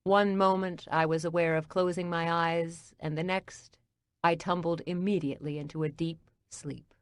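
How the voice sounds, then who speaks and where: Woman reading a mystery audiobook, lowish voice, calm and even, dry close mic. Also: moderate pace, smooth, no room sound. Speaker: audiobook narrator. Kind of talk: scripted audiobook narration.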